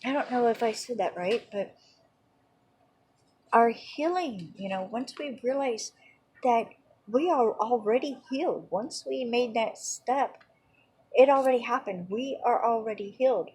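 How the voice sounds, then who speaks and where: Husky woman giving a rambling Bible lesson. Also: a little high, a little slow, darkish tone, poor audio. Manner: rambling, conversational, frequent "you know" and "um". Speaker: Bible teacher.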